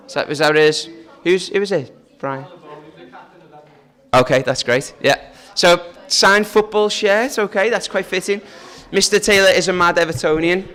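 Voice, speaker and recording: A man with a high-pitched, fairly bright voice leads a family church service at an unhurried pace. His informal talk is chatty and joking, and he asks the children questions.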